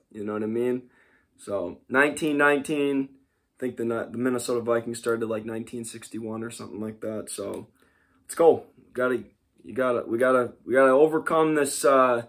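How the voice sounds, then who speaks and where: Rambling young male teacher, chatty. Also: medium pitch. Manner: rambling, full of "like" and "you know". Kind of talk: casual classroom talk.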